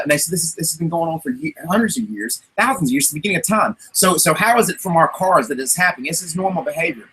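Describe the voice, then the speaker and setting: A man's voice: on the high side, sharp tone, slight background noise, low-quality recording. A man, talking casually as a podcast host. He rambles emphatically and often restarts his sentences. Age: 30s. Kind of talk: casual chat.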